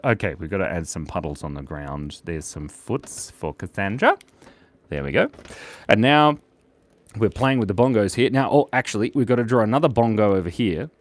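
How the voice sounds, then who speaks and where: A man's voice: lowish voice, no room sound. A man hosting a live drawing stream in a playful, chatty, jokey way. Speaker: host and illustrator.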